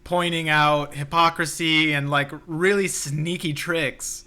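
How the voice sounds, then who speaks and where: A young man with a bright, forceful voice talks slowly and deliberately, thinking aloud and restarting his sentences. He co-hosts a casual philosophical podcast, recorded outdoors. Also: on the high side, steady tone, clear, resonant tone. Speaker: podcast co-host. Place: outdoors near a playground.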